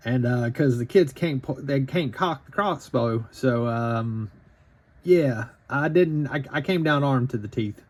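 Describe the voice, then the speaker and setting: A storytelling vlogger in his thirties from the Southern United States tells a casual anecdote in an Appalachian Southern drawl, rambling, profane and full of fillers. His medium-pitched voice has a measured pace and darkish tone.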